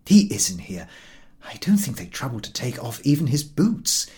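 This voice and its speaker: A man's voice: medium pitch, big pitch swings, normal speed, darkish tone, pitched above the performer's own voice, lightly acted. A man doing a stern, motherly older woman. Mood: soothing. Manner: haughty, commanding.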